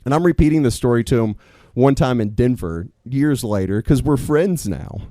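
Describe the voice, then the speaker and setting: Male storyteller, warm low timbre, dry close mic, animated then earnest. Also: moderate pace, dry recording. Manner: animated, swears when quoting students, earnest at close. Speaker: storyteller, teacher and coach. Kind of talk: personal story told live on stage. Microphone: stage microphone.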